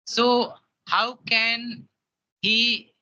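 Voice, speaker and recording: A man asking questions politely and haltingly, with many restarts, as an interviewer. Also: very high-pitched, level tone, bright, forceful tone. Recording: dull lo-fi audio.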